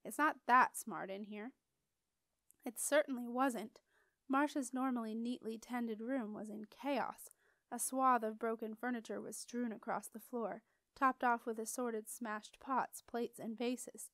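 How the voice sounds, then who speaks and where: Woman reading an expressive audiobook. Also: on the high side, unhurried, dry recording. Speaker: audiobook reader. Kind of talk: storybook narration.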